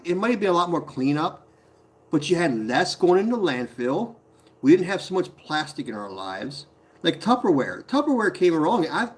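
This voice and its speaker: Man, fairly high voice, chatty potter, reads comments aloud, laughs a lot, live stream. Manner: chatty, laughs often, talks to viewers by name. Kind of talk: casual live-stream chat reading comments. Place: pottery studio.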